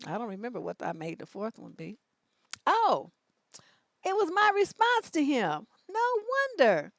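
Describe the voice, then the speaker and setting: A woman hosts a live-stream show as a relationship coach, blunt, sassy, and heavy on profanity, animatedly drawing out words for emphasis. Her voice is on the high side, recorded at studio quality with no room sound.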